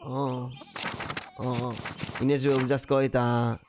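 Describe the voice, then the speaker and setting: A man's voice: mid-range voice, level tone, slow pace, background noise. Rambling man. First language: Danish. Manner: rambling, self-correcting, laughs easily. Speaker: streamer playing a game. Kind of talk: casual let's-play commentary.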